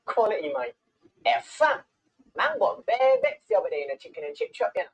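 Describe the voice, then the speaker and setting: A man in a YouTube video putting on one exaggerated British accent after another, switching fast. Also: high voice, wildly swooping pitch, slightly rough, full character voice. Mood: cheeky. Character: a young man rattling through British accents. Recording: played back from a video.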